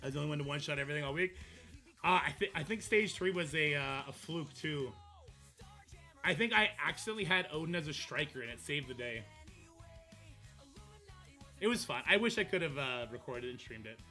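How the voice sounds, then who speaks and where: A man's voice: a little high, lively intonation, brisk, long pauses, pushed and bright, faint music behind. A man, chatting casually and rambling goofily on a game livestream. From Canada. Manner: goofy and rambling, laughs easily. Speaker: mobile game streamer.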